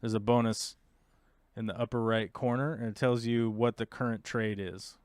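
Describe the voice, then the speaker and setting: A man's voice: medium pitch, steady tone, normal speed, clear, resonant tone, no room sound. A man hosting a live stream, talking casually through his moves in a strategy game with wry, sarcastic asides and explaining the controls to viewers. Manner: thinks aloud, wry and sarcastic. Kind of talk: casual play-by-play while playing a strategy game.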